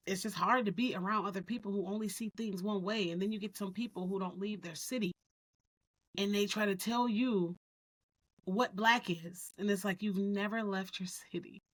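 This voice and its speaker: A woman co-hosting a podcast, speaking candidly and telling stories in an animated way. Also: medium pitch, normal speed. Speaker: podcast co-host. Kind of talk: casual podcast discussion.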